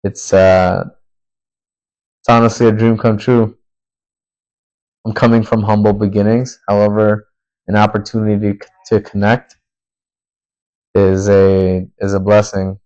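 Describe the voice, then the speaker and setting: A young man hosting his own podcast, talking in a slow, earnest and reflective way with long pauses. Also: on the low side, flat delivery, darkish tone, lo-fi sound. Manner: slow, earnest, emotional and pausing. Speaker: podcast host. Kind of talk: reflective solo podcast talk.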